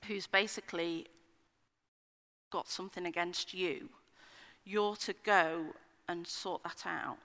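A woman's voice: lowish voice, a bit bright. Middle-aged woman preaching in a reverberant hall. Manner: conversational and earnest, with frequent ums and restarts. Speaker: speaker at a church meeting. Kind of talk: personal testimony sermon.

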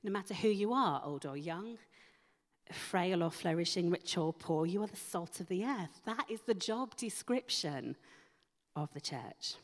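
Slow low-voiced woman preaching in a hall. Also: animated. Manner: slow, emphatic rhetorical questions. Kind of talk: sermon. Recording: long hall reverb.

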